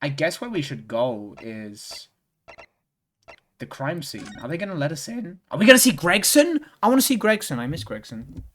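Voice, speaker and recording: A man's voice: fairly high pitch, very animated, normal speed, fairly bright tone, a little hiss or hum. A young man streaming a game, chatting casually and rambling with lots of restarts and swearing. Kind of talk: casual chat while playing a game.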